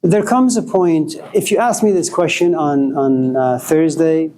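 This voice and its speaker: A man's voice: a little high, measured pace, warm tone. A man giving an informal spiritual lecture to a live audience, joking and telling stories in a loose, conversational way.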